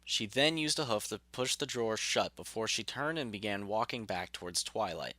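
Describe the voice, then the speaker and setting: Bright-toned male storyteller. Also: fairly low pitch, expressive, moderate pace, no echo. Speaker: narrator. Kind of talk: storybook narration.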